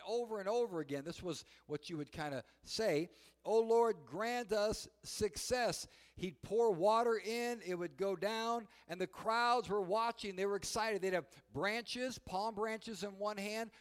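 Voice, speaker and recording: A man preaching a sermon, telling the story in an animated way and shouting the quoted cries. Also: sits high. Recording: long hall reverb.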